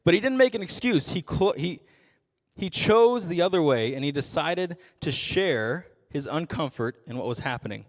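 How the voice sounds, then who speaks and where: A man's voice: a little high, animated, normal speed, big-room sound. A young adult man giving a youth sermon as a ministry intern, casual and self-deprecating with frequent jokes.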